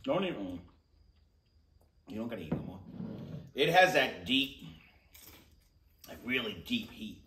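A man's voice: on the low side, big pitch swings, a bit bright, far from the mic. A man chats his way through a hot sauce tasting, his mouth burning as he goes. He restarts sentences and repeats words while hunting for the right description. He sits some way back from the mic in an echoey room with a faint hiss behind him. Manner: halting, repeats words while searching for them. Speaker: food reviewer. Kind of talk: casual tasting chat.

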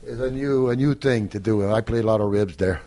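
An older man, a podcast guest, telling lively anecdotes, acting out the voices of people he quotes and laughing often. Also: lowish voice, brisk, slight background noise. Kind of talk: anecdotal storytelling.

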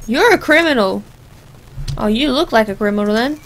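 A woman's voice: a little high, expressive, normal speed, fairly bright tone, a little hiss or hum. A young woman giving rambling, jokey let's play commentary as she plays a game. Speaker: gamer.

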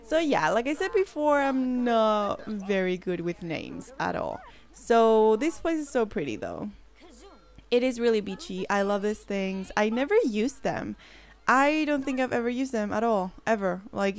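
A woman hosting a casual gameplay commentary, bubbly and rambling, often gasping and gushing as she talks. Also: mid-range voice. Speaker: let's play host.

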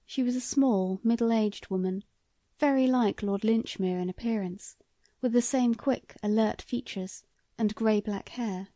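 A woman narrating a classic short story in a measured, even reading. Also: on the high side, no room sound, clean studio sound. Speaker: audiobook narrator. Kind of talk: scripted narration.

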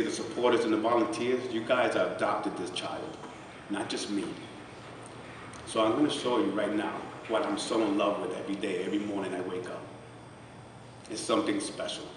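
Low-voiced man in an echoey hall. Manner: heartfelt and conversational, choking up at times. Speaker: guest speaker at a charity celebration. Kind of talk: emotional personal testimony speech. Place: large event hall. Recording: echoey hall, distant mic, background noise.

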